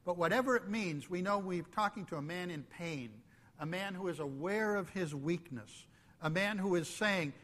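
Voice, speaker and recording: A man preaching a sermon, slow and emphatic, dropping suddenly to a hush. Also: high voice, big-room sound. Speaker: pastor.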